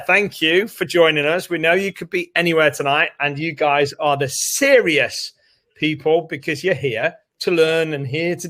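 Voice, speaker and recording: A man's voice: a little high, a bit bright. Chatty British man hosting a live stream. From United Kingdom. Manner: upbeat, chatty, reads out viewer names. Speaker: co-host of a live training webinar. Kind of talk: casual live-stream chat. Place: home room with doors open.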